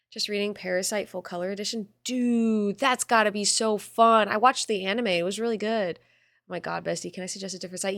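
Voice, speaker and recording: A woman's voice: mid-range voice, vocal fry, a bit bright, no echo, studio quality. A young woman streamer chatting casually and reading chat aloud, bubbly and swearing freely.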